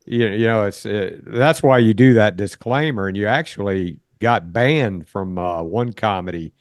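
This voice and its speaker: A man's voice: fairly low pitch, moderate pace, no echo, clean studio sound. A man hosting a casual interview, laughing easily and asking loose, rambling questions. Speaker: podcast host.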